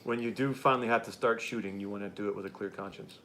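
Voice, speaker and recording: A man's voice: fairly low pitch, steady tone, fast talker, a bit bright. Guy hosting a live political chat, blunt, swears a lot, a bit of hiss behind. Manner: blunt and heated, swears freely. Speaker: livestream host. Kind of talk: casual political chat reading chat comments.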